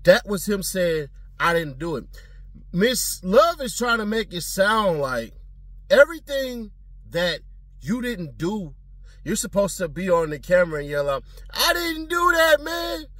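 A man's voice: sits high, sing-song, a little slow, a bit bright, no echo. A man giving blunt, slangy, profane commentary in a casual talking style.

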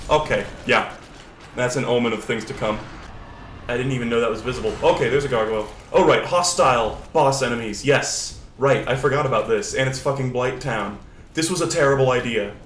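A young man streaming a video game, chatting casually and excitably with swearing, sudden shouts and laughter. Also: mid-range voice, roomy sound, a little hiss or hum. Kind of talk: casual gameplay commentary. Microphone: older lower-quality desk mic.

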